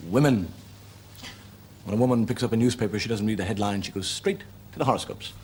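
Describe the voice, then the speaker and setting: A man, a comedian hosting, delivering a stand-up monologue and telling jokes briskly while voicing the characters. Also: lowish voice. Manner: brisk, animated joke telling with voiced characters. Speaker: comedian host. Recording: old TV recording with audience noise.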